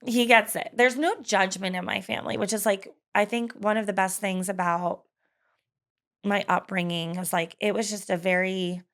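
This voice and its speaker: A woman's voice: mid-range voice, fairly even intonation, normal speed. A woman in her thirties telling her personal story in an interview, candid and hesitant, with frequent fillers and laughs. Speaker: guest.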